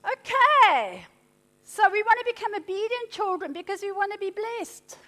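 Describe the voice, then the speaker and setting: A middle-aged woman preaching with a very high, bright-toned voice. She delivers emphatic, animated declarations and then falls to soft, intimate passages. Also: moderate pace. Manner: animated, emphatic, swings between loud and hushed. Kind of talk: sermon.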